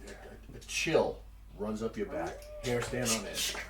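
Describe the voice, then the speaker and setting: A man narrating as dungeon master in a casual, halting way, often restarting his sentences and laughing. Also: lowish voice. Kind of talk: narrating a tabletop game, casual. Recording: roomy echo, far from mic, faint noise.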